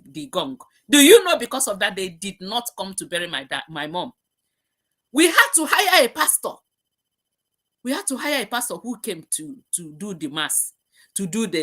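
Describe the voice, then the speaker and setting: A middle-aged woman with a medium, slightly bright voice hosts an emotional live-stream talk. She speaks passionately and repeats herself as she preaches.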